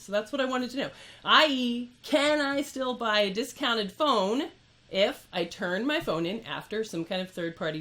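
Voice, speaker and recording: A woman who runs a repair shop, ranting to camera in an exasperated, incredulous way. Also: on the high side. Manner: exasperated, incredulous, lively with laughs. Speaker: repair shop owner and channel host.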